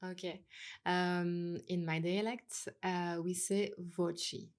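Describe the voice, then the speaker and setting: A woman from northern Serbia whose first language is Romani, co-hosting a podcast with brief, measured answers. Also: fairly low pitch, level tone. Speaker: podcast co-host, journalist. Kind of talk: casual podcast chat.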